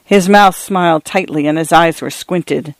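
Male audiobook narrator, measured and steady, slightly higher voice, very dry close recording. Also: no room sound. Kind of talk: scripted narration.

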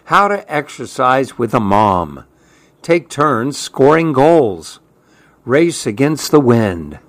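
A man reading a children's picture book aloud in a gentle, playful way. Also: medium pitch, sing-song, dry recording. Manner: gentle, playful, slow storytelling. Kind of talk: storybook read-aloud.

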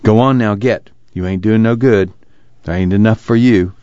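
A man's voice: lowish voice, normal speed, mellow, clear, resonant tone, dry recording, highs cut off, pitched above the performer's own voice, lightly acted. A man voicing a blunt young farm man who gives curt commands in a rural dialect. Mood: firm.

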